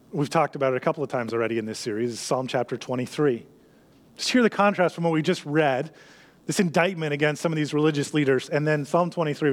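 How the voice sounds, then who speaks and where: A man preaching a sermon in an earnest way, often dropping to a soft hush on key lines. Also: mid-range voice. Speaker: pastor.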